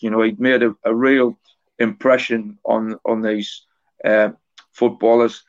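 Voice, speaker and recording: A man in his forties, an author talking as a guest in an interview, telling a story in a halting way that often repeats words and restarts. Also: mid-range voice, flat delivery. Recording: dull lo-fi recording.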